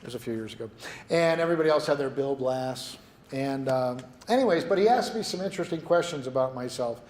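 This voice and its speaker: A man giving a business workshop talk to a live audience, telling lively stories and asking the room questions. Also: medium pitch, fast. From New Mexico. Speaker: workshop presenter. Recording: echoey meeting room.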